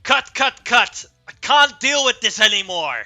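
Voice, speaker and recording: A man's voice: extremely high pitch, sing-song, unhurried, soft background music, voice pushed up, heavily acted. A man doing a ranting Australian actor. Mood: furious. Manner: ranting, shouting in outrage. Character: hot-tempered male movie actor quitting mid-scene.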